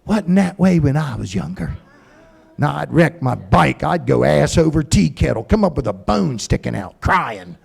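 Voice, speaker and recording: A middle-aged man rants through a profane stand-up set on a comedy club stage. His voice sits high and swings in pitch constantly, with a gravelly rasp. He talks into a handheld stage mic. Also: very animated, moderate pace. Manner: profane, ranting storyteller.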